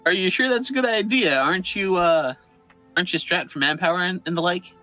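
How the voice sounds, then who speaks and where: A man's voice: high voice, brisk, bright, forceful tone, faint music behind, poor audio. A man playing a strategy game online, talking things through in a thoughtful, wry way. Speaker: player. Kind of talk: casual multiplayer game chat.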